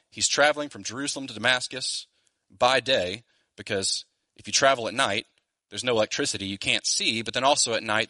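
A man preaching a sermon in a church, earnest and emphatic, slowing down to stress key phrases. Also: on the low side, bright, forceful tone, dry recording. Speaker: pastor. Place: Louisiana church.

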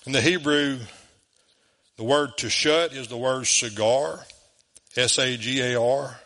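A man's voice: medium pitch, takes it slowly, fairly bright tone. A man preaching a sermon in a folksy, conversational way, chuckling often. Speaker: pastor.

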